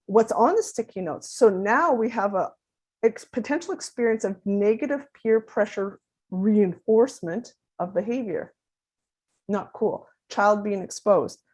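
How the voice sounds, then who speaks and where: Woman in her 50s giving a talk, lively, keeps acting out little bits of dialogue. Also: medium pitch, unhurried, husky. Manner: animated, acts out quoted dialogue. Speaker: parent advocate presenter. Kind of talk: conference talk.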